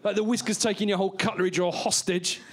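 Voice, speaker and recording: A man's voice: high voice, steady tone, quick pace, crowd noise. A man with an English accent doing live stand-up comedy in a small club, playful and silly, slipping into goofy character voices. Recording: live club recording with audience. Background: audience laughter.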